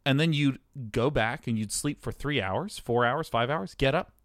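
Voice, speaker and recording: A man hosting a casual conversation, with quick interjections and wry jokes. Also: medium pitch, a bit bright, dry recording, studio quality. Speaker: podcast host and esports commentator. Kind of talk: casual chat.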